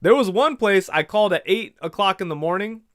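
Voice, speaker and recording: Male livestream host, fairly high, smooth and dry-sounding, loose rambling chat. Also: lively intonation, fairly quick, no echo. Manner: rambling storyteller, retells conversations in quoted voices. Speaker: livestream host reading viewer comments. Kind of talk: casual chat.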